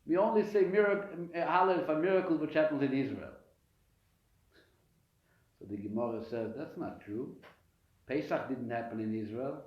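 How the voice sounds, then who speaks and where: In an echoey room with muffled lo-fi audio, a rabbi teaches his weekly Torah class live. He is animated, asks his own questions and answers them, restarts often, and speaks at a moderate pace in a medium pitch with frequent pauses.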